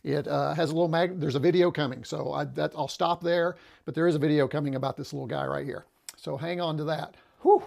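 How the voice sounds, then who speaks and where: This livestream host has a fairly high, gravelly voice and seems slightly winded. He's recorded close on a clip-on lapel mic while he rambles casually to his audience, full of "uh"s and restarts, keeping things relaxed and chatty.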